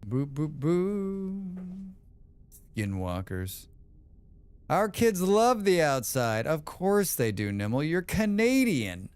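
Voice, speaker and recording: A man's voice: on the high side, huge pitch swings, slow, clear, resonant tone. A man streaming a game, chatting casually and answering chat with rambling, opinionated remarks. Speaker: livestream gamer. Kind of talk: casual livestream chat reading chat.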